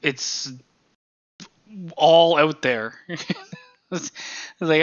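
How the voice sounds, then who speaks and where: A man on a podcast, ranting in a casual way, swearing and breaking into laughs. His voice has a bright, sharp edge, though the recording sounds a little dull and muffled. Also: mid-range voice, little pitch movement, slow, pauses often, clean tone. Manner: profane, ranting, laughs often. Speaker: podcast co-host. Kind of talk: casual chat.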